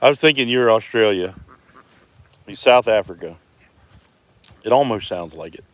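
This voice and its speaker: Low-voiced guy live on his phone walking round the homestead, easygoing chatter, crickets buzzing in the background. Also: moderate pace, no echo. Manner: relaxed, chatty, greets viewers by name. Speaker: homestead vlogger. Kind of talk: casual live-stream walkaround. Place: outdoors on a rural homestead.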